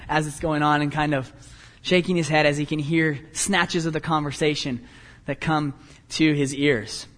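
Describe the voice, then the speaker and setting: Animated high-voiced male preacher. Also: in a large hall. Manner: animated, self-deprecating storytelling with quick asides. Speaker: pastor. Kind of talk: sermon.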